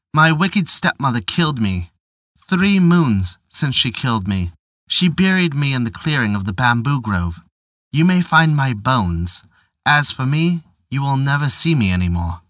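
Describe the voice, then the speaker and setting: A man voicing a gentle, devoted young girl speaking softly to her father in a folk tale. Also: medium pitch, very animated, a little slow, no echo, clean studio sound. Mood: pitiful.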